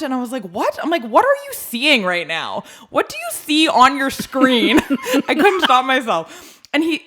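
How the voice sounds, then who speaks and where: A woman co-hosting a podcast, telling a story in casual chat, animated and swearing as she acts out her own yelling. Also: high-pitched, normal speed. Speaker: podcast co-host.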